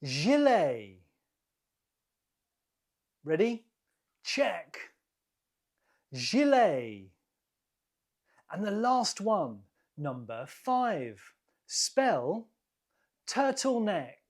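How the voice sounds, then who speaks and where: Slow, breathy British woman teaching. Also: medium pitch, very animated, darkish tone. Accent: British English. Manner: deliberate, repeats each word for learners. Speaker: English teacher hosting a quiz. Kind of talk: slow, clear quiz teaching.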